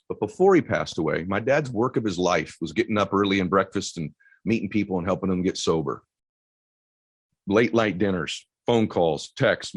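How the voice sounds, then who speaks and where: Deep-voiced man telling an emotional story. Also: no echo, low-quality recording. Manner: intense storytelling, drops to near whispers. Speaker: motivational speaker. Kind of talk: emotional motivational speech.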